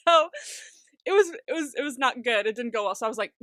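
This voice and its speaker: A young woman co-hosts a podcast in loose, excitable chat, cursing freely and breaking into laughter often. Her voice sits a little high and rings bright. The sound is dry and close. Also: fast, no room sound. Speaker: podcast co-host. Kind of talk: casual chat.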